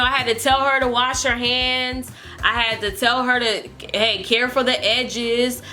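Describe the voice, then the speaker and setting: A woman's voice: fairly high pitch, sharp tone. A young woman vlogger telling a storytime in a chatty, exasperated way with lots of fillers. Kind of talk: storytime vlog.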